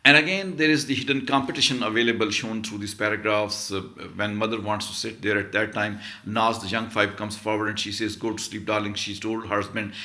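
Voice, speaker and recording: A man's voice: fairly low pitch, steady tone, fairly quick, hardly any pauses, pushed and bright. A man, a literature professor, reading passages from a short story aloud and then explaining them in an emphatic lecture, repeating key phrases.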